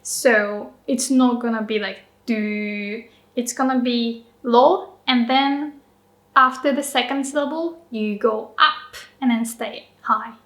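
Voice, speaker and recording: Slow, echoey female language teacher. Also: steady tone, a bit bright. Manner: drills words slowly with exaggerated pitch, laughs often. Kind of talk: friendly pronunciation lesson. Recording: roomy echo.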